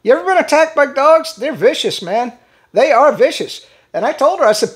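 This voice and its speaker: Blunt rambling man, lively high voice. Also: moderate pace. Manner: rambling, repeats words, frequent fillers and restarts; blunt and indignant, swears casually. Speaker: political commentary channel host. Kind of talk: rambling solo political commentary.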